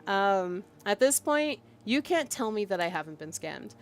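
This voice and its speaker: A woman VTuber reads out a chat log and vents about it in a casual, exasperated way, pressing hard on her words. Her voice sits at an ordinary middle pitch. A faint ambient hiss runs under the recording. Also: very animated, unhurried. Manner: exasperated and emphatic, with frequent fillers and bursts of laughter. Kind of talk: casual venting while reading out a chat log.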